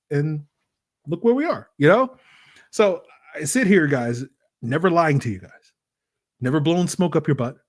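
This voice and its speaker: A man hosting a solo sports podcast, talking in an animated, rambling way with lots of fillers and rhetorical "right?" questions. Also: high-pitched. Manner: acts out voices in quoted asides. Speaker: podcast host.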